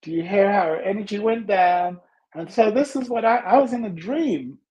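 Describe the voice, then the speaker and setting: On a motivational podcast, the male host tells stories with animation and performs the dialogue within them. His voice is high and dark-toned, his pace moderate, and the audio sounds dull.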